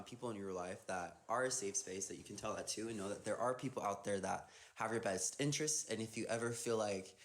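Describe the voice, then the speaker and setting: A man's voice: fairly low pitch, fairly bright tone. A young man chatting casually on a phone livestream, reading viewer comments aloud and answering them playfully, often trailing off mid-thought. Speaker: dancer hosting an Instagram live.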